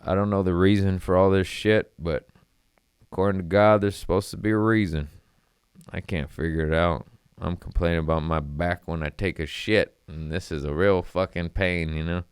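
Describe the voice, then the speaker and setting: A man's voice: low voice, steady tone, normal speed, clean tone, no room sound, studio quality. A young adult man, a comedian, rambling casually and profanely, laughing between lines.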